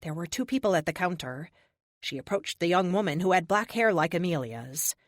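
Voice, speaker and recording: A woman narrates an adventure audiobook with steady, expressive storytelling. Her voice sits a little low yet moves lively in pitch, recorded close and dry. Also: fairly quick, dry recording. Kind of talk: scripted narration.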